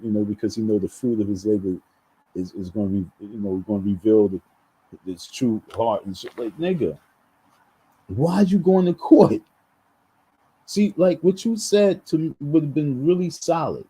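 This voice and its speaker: A man's voice: mid-range voice, warm tone, slightly rough, poor audio. A man venting in a heated, repetitive rant on his vlog, full of restarts and slang. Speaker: vlogger.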